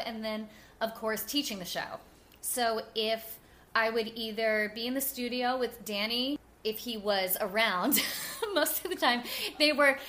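Bright, chatty New woman. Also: a little high. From New Jersey. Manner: animated and chatty, with frequent "like" and laughter. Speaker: guest. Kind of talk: casual interview storytelling.

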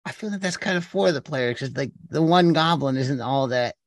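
Rambling man, slightly high voice. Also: normal speed, dry recording. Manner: rambling, animated, self-correcting. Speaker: podcast co-host and game master. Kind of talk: casual chat.

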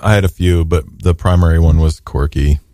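A man's voice: low voice, fairly even intonation, fairly quick, dark tone, no room sound, studio quality. A man co-hosting a casual podcast, wry and hesitant with lots of ums. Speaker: podcast co-host.

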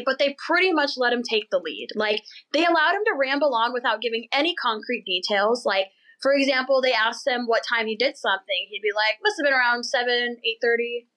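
A young woman hosting a podcast, telling a story in an animated, chatty way and laughing as she goes. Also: sits high, rough recording. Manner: chatty, animated, laughs while telling, does quick mocking voices for people in the story. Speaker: podcast host. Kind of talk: casual storytelling chat.

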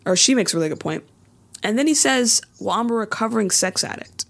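A woman with a slightly high, gravelly voice speaks briskly as she co-hosts a podcast. In a casual chat she recaps a TV episode with animated storytelling, acting out the characters' lines in quotes.

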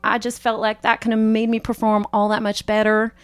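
A woman playing a bubbly woman at her coming-out ball in an improvised comedy scene, dramatic and quick to gush and exclaim. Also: a little high, monotone, clear, resonant tone, close to an everyday voice. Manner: gushing, dramatic, exclaims "oh my God". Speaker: improv guest. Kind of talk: improvised comedy role-play.

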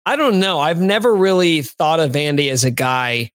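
A man's voice: a little high, moderate pace, no room sound. Wry man talking sports, dry sound. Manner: wry, sarcastic. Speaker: sports podcast host. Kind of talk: casual sports chat.

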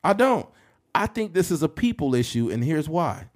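A man's voice: on the high side, very animated. Blunt, emphatic male podcast co-host. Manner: blunt, emphatic, rising to heated; reads news copy aloud haltingly. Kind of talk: casual podcast talk.

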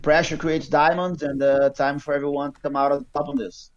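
A man, a jiu-jitsu athlete chatting as a podcast guest over a video call, relaxed and rambling with many fillers. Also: a little high, a little fast, highs cut off. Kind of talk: casual remote interview chat.

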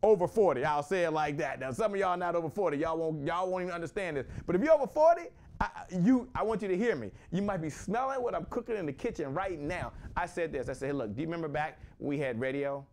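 A man from Washington, D.C. in his forties, hosting a motivational sales talk with an energetic, repetitive delivery. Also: on the high side, fast, hardly any pauses. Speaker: host, sales coach.

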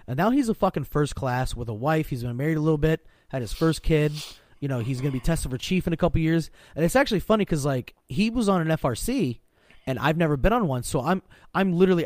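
A man's voice: mid-range voice, a little mellow, no room sound. A man in his thirties talks bluntly and profanely in casual podcast chat, restarting sentences as he goes. His voice sits in a middle register. It is recorded close and dry, with no room sound. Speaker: podcast co-host.

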